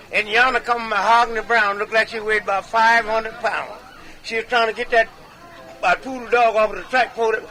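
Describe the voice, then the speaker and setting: Man, very high voice, bright and forceful, folksy tall-tale comedian, drawling, chuckling storyteller. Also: low-quality recording. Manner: folksy drawling yarn-spinner, chuckles between punchlines. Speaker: medicine show comedian.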